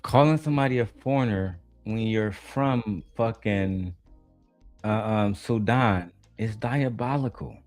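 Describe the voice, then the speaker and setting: A man's voice: on the low side, measured pace, a little mellow, no echo, soft background music. A man hosting a reaction video, giving mocking, slangy commentary on a debate clip.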